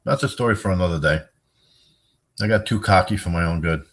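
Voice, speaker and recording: Rambling husky low-voiced man. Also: a little fast, fairly bright tone. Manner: rambling, jokey, swings into high squeaky bits. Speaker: livestream host. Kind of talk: rambling casual livestream.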